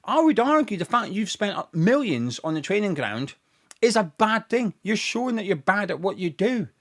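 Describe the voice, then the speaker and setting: A man's voice: high-pitched, moderate pace. A young man, hosting a football fan show and ranting sarcastically about his club's owners. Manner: sarcastic, mocking, animated rant with mock quotes. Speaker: football fan podcast host.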